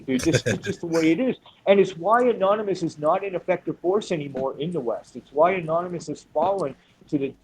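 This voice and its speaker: A man's voice: on the high side, a little mellow, a little hiss or hum, poor audio. A man on a panel, talking heatedly and emphatically with a lot of swearing, often repeating words as he goes. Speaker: panel member.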